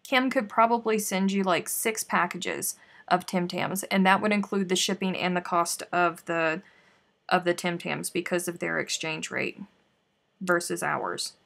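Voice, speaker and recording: Slow, gravelly-voiced chatty woman crafter. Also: on the low side, fairly bright tone. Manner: chatty, exclaiming, mutters to herself while working. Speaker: crochet live stream host. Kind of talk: casual live-stream chat while crocheting.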